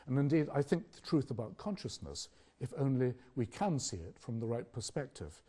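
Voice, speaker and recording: Older british guy lecturing, mellow husky voice, thoughtful rhetorical questions. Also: medium pitch, very animated. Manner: measured, questioning delivery with rhetorical pauses. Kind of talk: academic public lecture.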